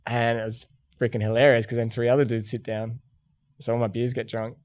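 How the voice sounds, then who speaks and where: A middle-aged Australian man, a podcast guest, telling lively anecdotes in casual conversation and acting out the voices he quotes. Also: medium pitch, brisk. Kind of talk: casual storytelling.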